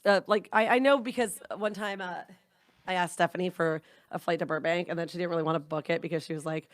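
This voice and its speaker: A young Canadian woman co-hosting a podcast talks at a quick pace in a lowish voice, recorded dry. She spins a long, rambling story in casual chat, animated and swearing now and then.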